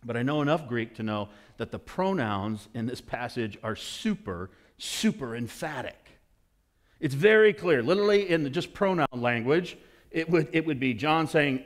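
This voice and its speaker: Pastor guy preaching in church, high voice swinging all over, plays out the characters. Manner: animated, acts out voices of people in the story; asks the congregation questions. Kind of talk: sermon.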